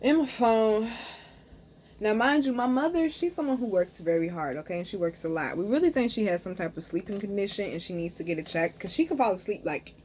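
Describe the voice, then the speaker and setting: A woman's voice: medium pitch, brisk, slightly rough. A young woman, casually telling viewers a story and often checking in with them. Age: young adult. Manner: animated, talks to viewers as "y'all", frequent "okay?". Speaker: spiritual reader and vlogger.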